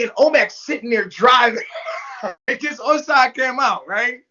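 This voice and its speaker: Man telling a story, animated, profane, acts out voices, dull lo-fi recording. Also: extremely high pitch, moderate pace. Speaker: interview guest. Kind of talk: casual storytelling. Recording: dull lo-fi sound.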